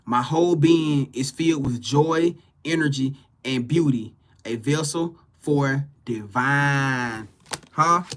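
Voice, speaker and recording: A man's voice: medium pitch, slow, fairly bright tone. A man reading tarot cards live for his viewers, talking loosely and animatedly with slang, repetition and swearing. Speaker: tarot reader on a live stream. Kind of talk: casual spiritual talk to viewers.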